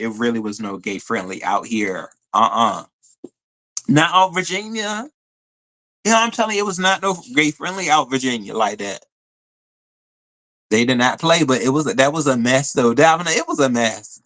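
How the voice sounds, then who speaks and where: A man hosting a live stream, telling a story in a chatty, animated way and answering viewer comments. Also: mid-range voice. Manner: animated storytelling, addresses viewers as y'all, frequent fillers. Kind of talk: casual live stream chat reading comments.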